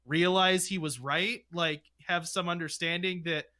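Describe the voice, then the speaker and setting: A man co-hosting a casual review chat, reasoning out loud in a rambling way. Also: high voice, fairly even intonation, unhurried. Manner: rambling, lots of "like" fillers. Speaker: podcast co-host.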